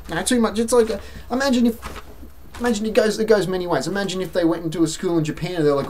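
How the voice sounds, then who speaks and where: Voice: mid-range voice, fast, darkish tone, slight background noise. An Australian-accented vlogger delivering an exasperated, sarcastic opinion rant to camera, with mocking asides.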